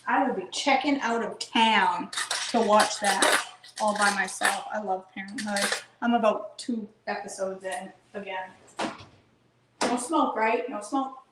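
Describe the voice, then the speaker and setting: A woman hosting a live cooking stream from her home kitchen, chatting excitedly and answering viewers by name. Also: mid-range voice, a little slow, very noisy. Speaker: cooking livestream host. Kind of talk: casual live cooking chat, reading comments.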